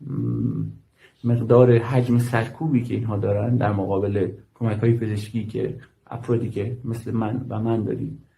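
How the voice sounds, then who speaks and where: A man from Iran working in medical aid, speaking in a measured way and deliberately repeating key points in a played clip. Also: lowish voice, little pitch movement, creaky, mellow, low-quality recording. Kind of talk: recorded statement in a played clip.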